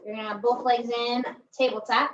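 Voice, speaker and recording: A woman's voice: fairly high pitch, little pitch movement, a little fast, fairly bright tone, a little hiss or hum. A woman instructing a pilates workout in a chatty, joking way, often tagging her cues with "right?". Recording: echoey room, distant mic, dull sound.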